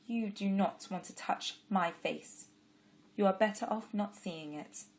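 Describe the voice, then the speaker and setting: A woman's voice: mid-range voice, measured pace, pitched above the performer's own voice, lightly acted. A woman voicing a fierce, guarded young woman. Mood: defensive. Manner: fierce scolding, then guarded and curt. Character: kind yet sharp-tongued young woman, guarded.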